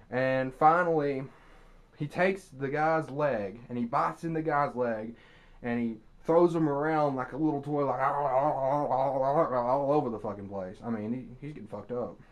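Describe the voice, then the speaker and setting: A young man ranting to his camera, telling a story with profanity and sarcasm, and breaking into loud mock screams. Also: mid-range voice. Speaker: vlogger. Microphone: camera mic.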